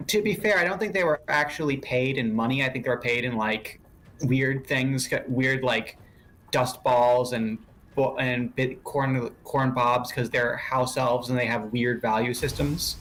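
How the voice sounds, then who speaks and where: A man's voice: mid-range voice, a little slow, a bit bright, slight background noise. A man in casual chat who rambles, corrects himself mid-sentence and laughs often.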